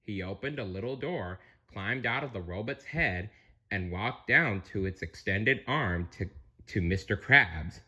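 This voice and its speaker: A man reads a storybook aloud in a low, bright voice, taking his time. He adds chatty asides to the listener, his pitch rising and falling with lively expression. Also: unhurried, husky. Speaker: narrator.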